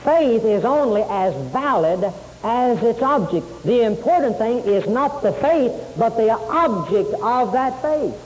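A man's voice: extremely high pitch, lively intonation, unhurried, darkish tone. A man preaching a sermon, emphatic, repeating key phrases and quoting scripture. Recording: hissy tape in a long-reverb hall.

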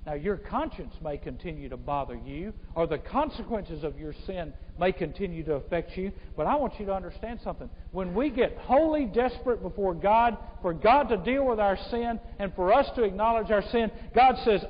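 High-voiced preacher in a reverberant hall. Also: male voice, expressive, normal speed. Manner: preaching with wide swings from loud emphasis to hushed tones; speaks to a congregation, addressing them as folks. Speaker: pastor. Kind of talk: sermon. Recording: muffled church recording with long hall reverb.

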